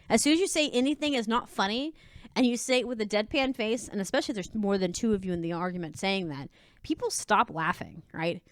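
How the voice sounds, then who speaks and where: A woman's voice: mid-range voice, quick pace, dry recording. Sassy chatty woman commentator, dry close mic. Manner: sassy, chatty, many restarts and asides. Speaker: commentator reading advice posts. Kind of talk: casual commentary on reader stories.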